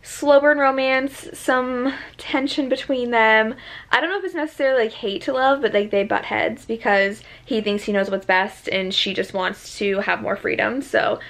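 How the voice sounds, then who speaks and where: A woman's voice: a little high, normal speed, fairly bright tone. Chatty young woman vlogging about books. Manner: chatty and enthusiastic, many fillers. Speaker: book vlogger; teacher. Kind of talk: casual reading vlog chat. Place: at home.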